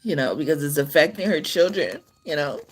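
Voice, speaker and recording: A woman with a slightly low voice gives a tarot reading on a live stream. Her talk wanders and restarts often, with laughs slipped in between sentences. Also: animated, a little fast, slight background noise. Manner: loose, rambling speech with many restarts. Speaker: tarot card reader.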